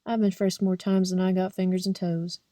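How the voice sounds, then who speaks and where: A young woman reading a novel aloud as an audiobook in a steady, plain first-person narration. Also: lowish voice, a little fast, dry recording, studio quality. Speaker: audiobook reader.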